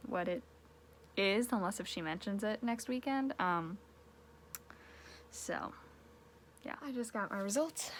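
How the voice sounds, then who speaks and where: A woman's voice: medium pitch, a bit bright, a little hiss or hum. A young woman chatting casually in a daily vlog, rambling from topic to topic and sometimes getting worked up. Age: young adult. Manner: rambling, chatty, rising to exasperated rants. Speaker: vlogger.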